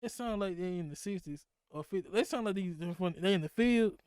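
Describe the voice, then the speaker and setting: A young man with a Mississippi accent hosting a casual podcast chat, talking fast, laughing often and cursing freely. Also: sits high, a little mellow, clear, resonant tone, no room sound, clean studio sound. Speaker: podcast host.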